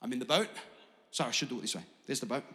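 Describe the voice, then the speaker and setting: A pastor delivers a sermon in a large church hall, his mid-range voice animated, pushed and bright, and the pace very fast. He preaches with great energy, often playing the doubting listener in an exaggerated voice. A long hall reverb hangs on the recording.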